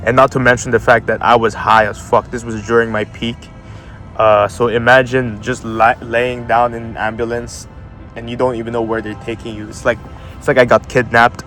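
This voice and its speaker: A man's voice: medium pitch, a bit bright. A young man casually telling a story, swearing a lot and using slang, laughing as he goes. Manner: profane, slangy, laughs often while telling.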